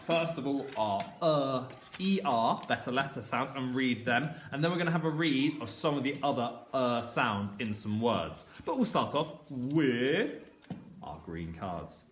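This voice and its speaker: A man teaching a phonics lesson to young children, slowly sounding out words and encouraging them. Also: medium pitch, animated, reverberant, slight background noise. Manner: slow, sounding out words letter by letter. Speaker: primary school teacher.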